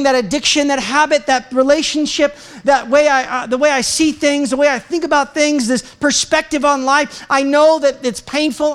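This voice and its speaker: An American pastor delivering a sermon, telling a personal story with self-deprecating humor and animated delivery. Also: sits high. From United States.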